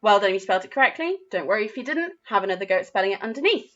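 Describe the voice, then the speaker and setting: A woman with an English accent teaching a phonics lesson to young children, spelling words out slowly and praising their efforts. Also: mid-range voice, lively intonation, a bit bright, highs cut off. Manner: slow, clearly spelled-out words with encouraging praise. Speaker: primary school teacher.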